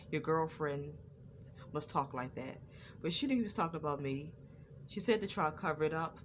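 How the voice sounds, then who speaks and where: A deep, low-pitched woman speaking straight to camera in a personal vlog. She stutters and restarts, circling back over the same phrases in an earnest, preaching manner. A faint room hum sits behind her voice. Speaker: vlogger.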